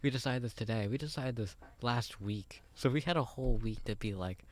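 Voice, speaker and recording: A man's voice: mid-range voice, a little fast, darkish tone, dry recording. A young man co-hosting a podcast in whispered role-play, rambling and laughing at the idea. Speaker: podcast co-host.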